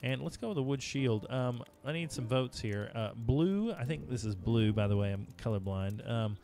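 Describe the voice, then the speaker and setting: A man's voice: mid-range voice, animated, moderate pace, dark tone. A man streaming a video game live, chatting casually with viewers as he plays. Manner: chatty, talking to chat while playing. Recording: music playing behind.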